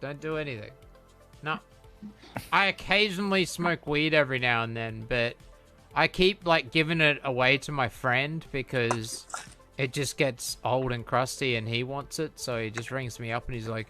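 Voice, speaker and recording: A man's voice: mid-range voice, normal speed, pushed and bright, faint music behind. A man from New Zealand with a New Zealand accent, hosting a casual live-stream chat, joking and teasing, often laughing. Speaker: stream host.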